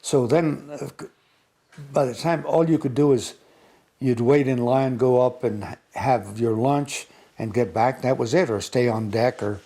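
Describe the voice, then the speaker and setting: A man's voice: medium pitch, a little slow, dark tone. A man in his nineties from the United States, telling old war memories in a rambling way, chuckling and restarting often. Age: 90s. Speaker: interviewee recounting war memories. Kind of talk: oral history reminiscence.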